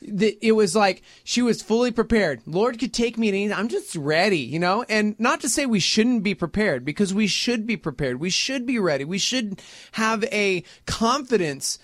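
A man co-hosting a casual radio chat, animated and excitable, laughing often. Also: sits high, normal speed, dry recording, clean studio sound. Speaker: co-host.

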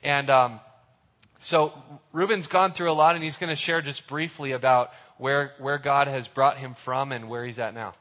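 A man giving a casual sermon, animated and acting out the dialogue of the people in his story. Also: mid-range voice, moderate pace. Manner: animated, acts out the characters' dialogue. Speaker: youth pastor. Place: church hall. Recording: reverberant hall.

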